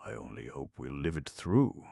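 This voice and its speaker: A man's voice: very deep voice, very animated, moderate pace, vocal fry, warm tone, slightly rough, no room sound, full character voice. A man voicing a worried young ship's mate. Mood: dutiful. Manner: respectful, anxious.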